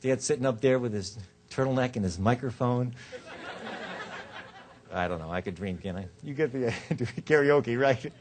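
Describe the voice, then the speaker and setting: A man giving a law school lecture on rhetoric, joking and shifting his pitch and loudness often. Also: lively intonation, moderate pace, pauses often, slight background noise. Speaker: law professor. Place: lecture hall.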